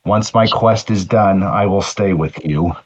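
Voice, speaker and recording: A man speaking earnestly and haltingly in character as a player in a tabletop role-play game, often restarting his sentences. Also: low-pitched, husky, muffled recording.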